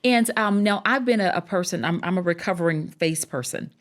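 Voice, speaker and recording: A woman's voice: lowish voice, brisk. Affirming woman podcast host. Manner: warm, affirming, laughs easily. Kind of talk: podcast interview.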